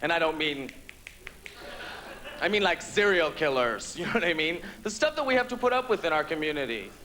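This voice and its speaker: A man performing a stand-up comedy set on a theatre stage, campy, with quick punchlines. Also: a little high, sing-song, sharp tone, faint music behind. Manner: campy, rapid punchlines with quoted voices.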